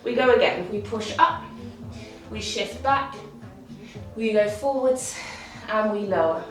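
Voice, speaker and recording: A woman's voice: mid-range voice, a little slow. A woman leading a guided workout class, encouraging and counting reps aloud, a little out of breath. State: slightly out of breath. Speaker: fitness instructor. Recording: roomy, from far off, faint music.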